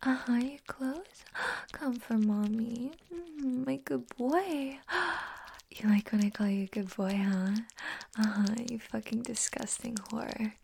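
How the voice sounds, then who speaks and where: A young woman acting a scornful, domineering roommate in a whispered role-play, talking in a mocking, contemptuous way with a husky voice. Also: on the high side, takes it slowly, dark tone, full character voice. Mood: teasing.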